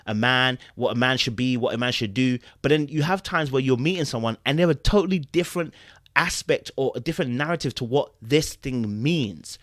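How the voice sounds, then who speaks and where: Animated man giving commentary. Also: medium pitch, dry recording, studio quality. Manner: animated, acts out quotes, asks rhetorical questions. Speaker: podcast host reacting to a dating show. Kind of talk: casual commentary.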